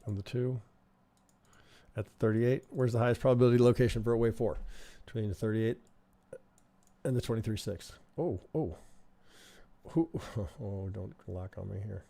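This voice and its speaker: Man, trading instructor, live chart review, gravelly, mellow tone, chatty, keeps asking right. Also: lowish voice, normal speed, pauses often. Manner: conversational, keeps asking "right?", thinks aloud.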